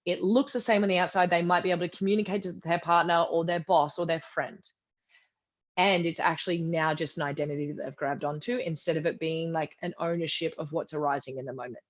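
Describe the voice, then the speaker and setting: A woman with a lowish voice tells a personal story in a relaxed podcast conversation. She acts out the people she quotes and often sinks into a soft, hushed delivery. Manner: animated retelling, acting out quoted voices, drops to a soft low voice. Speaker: guest. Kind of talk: candid storytelling in a podcast interview.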